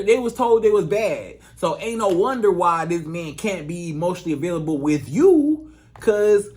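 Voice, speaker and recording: A man giving relationship advice in a casual, emphatic monologue, repeating his points in colloquial speech. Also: high voice. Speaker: relationship coach.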